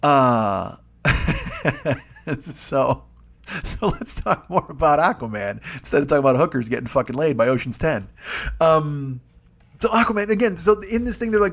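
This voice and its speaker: A man's voice: a little high, lively intonation, measured pace, gravelly. A middle-aged man riffing profanely in a casual comedy rant.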